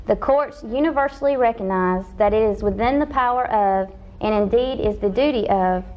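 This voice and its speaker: A young woman from Georgia on a student debate panel, reading legal policy points in a steady, formal way. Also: mid-range voice, highs cut off. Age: young adult. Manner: reads legal text steadily, speeding up through citations.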